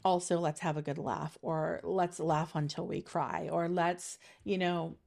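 A woman's voice: lowish voice, little pitch movement, unhurried, vocal fry, a little mellow. A middle-aged woman giving a casual intuitive energy reading, chatty and meandering with many fillers, laughing easily. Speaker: spiritual reader giving a monthly energy reading.

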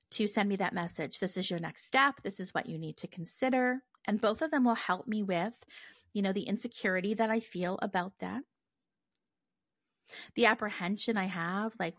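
A woman's voice: medium pitch, no echo. Chatty woman podcast host, dry sound. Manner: conversational, many fillers and restarts. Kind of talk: casual solo podcast monologue.

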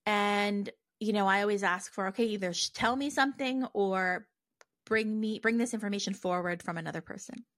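Woman, solo podcast host, conversational and full of fillers, middle pitch, dry close recording. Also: moderate pace, a bit bright, no echo. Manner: conversational, many fillers and restarts. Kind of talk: casual solo podcast monologue.

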